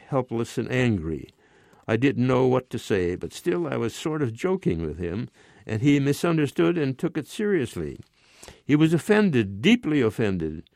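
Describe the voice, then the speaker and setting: A man in his nineties reading aloud his own short story in a measured, expressive way. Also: mid-range voice, dry recording, clean studio sound. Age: 90s.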